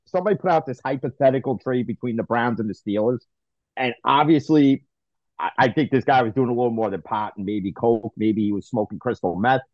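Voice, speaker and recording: A man's voice: medium pitch, darkish tone, dry recording. A man co-hosting a sports podcast, ranting in an exasperated way in casual chat and stumbling over repeated words. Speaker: podcast co-host. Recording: dry, dull lo-fi sound.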